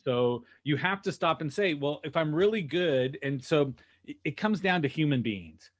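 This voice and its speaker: Male sales trainer, fairly high voice, punchy and rhetorical, talking over a video call. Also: moderate pace. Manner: energetic, rhetorical, keeps asking "right?" and "okay?". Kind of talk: animated teaching on a video call.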